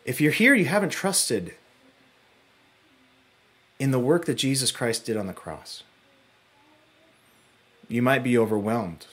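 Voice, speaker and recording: A man preaching a sermon as pastor, earnest, his phrases dropping to a hush and then building to urgent peaks. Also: lively intonation, unhurried, pauses often, breathy edge. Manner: earnest, swinging between hushed low phrases and rising urgent peaks.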